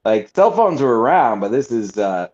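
A man's voice: mid-range voice, very animated, moderate pace, darkish tone. A man co-hosting a podcast, telling stories in casual chat with lots of fillers, restarts and swearing. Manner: rambling storyteller with many fillers and restarts, swearing. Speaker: podcast co-host. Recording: slightly dull lo-fi sound.

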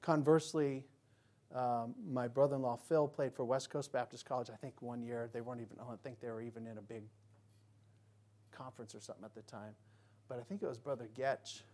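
A man's voice: mid-range voice, steady tone, fairly quick. Man preaching in a rambling, conversational way. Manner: conversational, anecdotal preaching with frequent restarts and asides; voice swells loudly when quoting scripture. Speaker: pastor. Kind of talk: sermon.

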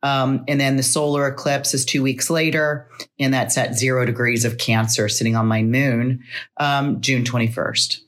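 Low-voiced woman astrologer co-host. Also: steady tone, normal speed. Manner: chatty and heartfelt, explains astrology. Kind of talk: casual podcast chat.

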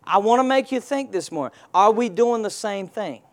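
Very high-voiced male pastor preaching. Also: expressive, normal speed. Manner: preaching call-and-response, rhetorical questions to the congregation. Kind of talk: sermon.

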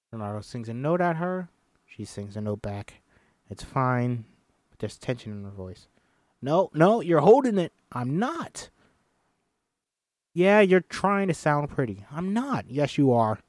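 Lively man reading a screenplay aloud. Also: medium pitch, unhurried, long pauses, dry recording, studio quality. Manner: reads stage directions and voices all parts himself, animated. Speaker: script reader. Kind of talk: solo table read of a film script.

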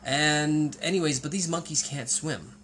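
A man's voice: a little high, measured pace, fairly bright tone, slight background noise. A man chatting casually as a podcast co-host, telling digressive stories with lots of fillers. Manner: rambling, digressive storytelling with many fillers. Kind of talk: casual conversational chat.

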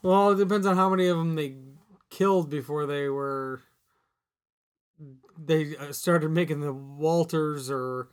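A man's voice: fairly high pitch, a little slow, smooth. A man co-hosting a podcast, talking casually about a movie and rambling through restarts. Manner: rambling, restarts, says "like" a lot. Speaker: podcast co-host.

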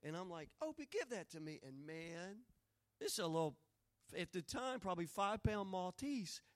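High-voiced preacher. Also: male voice, big pitch swings, normal speed. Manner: swells from quiet storytelling to loud, rising preaching. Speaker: pastor. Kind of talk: sermon.

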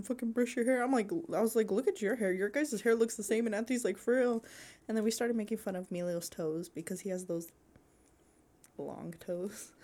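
A young woman co-hosting a podcast, telling animated family stories in casual chat and laughing often. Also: medium pitch. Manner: animated storytelling, acts out family quotes, laughs a lot. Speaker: podcast co-host.

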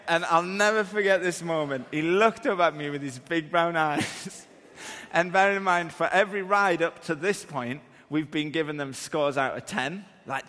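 A fairly high-voiced man tells a story from the pulpit. He makes fun of himself and acts out each moment. His voice rings with the long echo of a big hall. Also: moderate pace. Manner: animated, self-deprecating, acts out scenes. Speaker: preacher. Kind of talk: humorous sermon storytelling.

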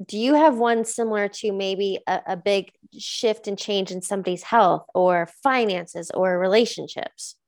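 A woman's voice: medium pitch, normal speed, hardly any pauses, a little mellow. A woman hosting a casual conversation who speaks frankly and sometimes swears.

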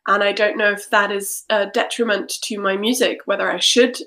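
A woman's voice: mid-range voice, steady tone, moderate pace, sharp tone. Woman podcast co-host and singer, easygoing and reflective. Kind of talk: casual podcast chat.

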